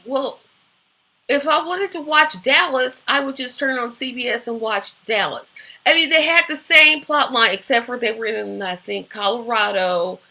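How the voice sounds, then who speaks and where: Woman host, bright tone, chatty rambling opinions, fillers throughout. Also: a little high. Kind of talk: casual solo talk show.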